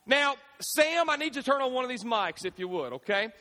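High-voiced pastor preaching in an echoey church. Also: male voice, fairly quick. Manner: animated, call-and-response preaching. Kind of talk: sermon. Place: church sanctuary.

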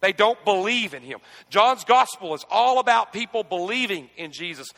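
A man preaching a sermon, asking the congregation to repeat scripture with him and moving between quiet reflection and emphatic questioning. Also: high voice, animated, normal speed, long reverb tail. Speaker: pastor. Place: church.

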